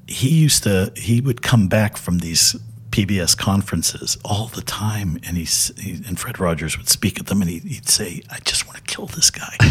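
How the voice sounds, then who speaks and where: A man's voice: lowish voice, husky. An older man, a television director, telling stories as a guest in a loose, rambling way with many fillers. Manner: rambling, many fillers and restarts, laughs often. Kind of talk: casual anecdote telling.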